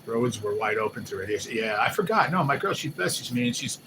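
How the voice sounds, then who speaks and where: A man hosting a live stream, chatting casually and excitably, swearing loosely and often mimicking what others said. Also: medium pitch, quick pace. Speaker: livestream host. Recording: noisy background hum.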